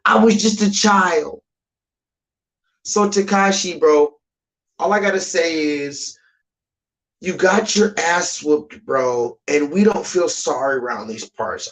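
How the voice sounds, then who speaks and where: A man's voice: fairly high pitch, slow pace, rough recording. A man ranting on a live stream, emphatic and repetitive, swearing freely.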